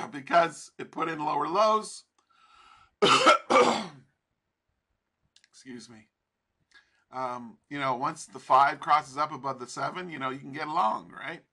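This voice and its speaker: A man's voice: a little high, slow, pauses often, bright, forceful tone. A man teaching trading over a chart in a casual, profane, rambling way, laughing often. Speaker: trading instructor.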